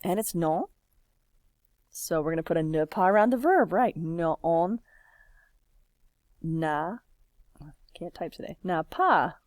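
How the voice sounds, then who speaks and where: A woman teaching French at a deliberately unhurried pace. Her voice sits a little low, and she coaxes the class along with patient, encouraging prompts. The sound is dry and close, with no room echo. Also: expressive. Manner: patient, encouraging, slow and drawn-out. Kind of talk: classroom lesson, typing while explaining.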